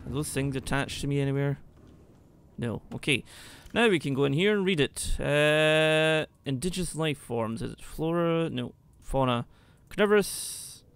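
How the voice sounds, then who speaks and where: A man commentating his game play, excitable, talking to the creatures and shouting when he panics. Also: a little high, clean tone. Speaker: gaming YouTuber.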